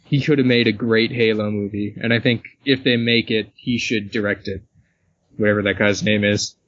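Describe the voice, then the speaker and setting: A man's voice: lowish voice, steady tone, normal speed, fairly bright tone, muffled recording. A man co-hosting a casual podcast, reading listener mail and jumping into goofy put-on accents. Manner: jokey, slips into silly put-on accents while reading. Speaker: podcast co-host.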